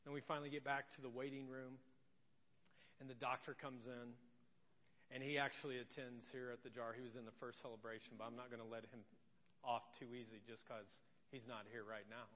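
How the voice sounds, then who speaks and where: A male pastor telling a story in a sermon, animated, acting out voices and dropping to hushed tones, recorded in a church. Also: medium pitch, fairly quick. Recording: echoey church hall, dull lo-fi sound.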